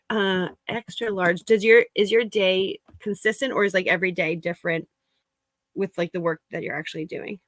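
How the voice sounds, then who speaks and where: A woman's voice: fairly low pitch, fairly even intonation, normal speed, a bit bright, no echo, rough recording. A woman chatting casually with livestream viewers as she works, laughing often and greeting them by name. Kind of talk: casual livestream chat while working.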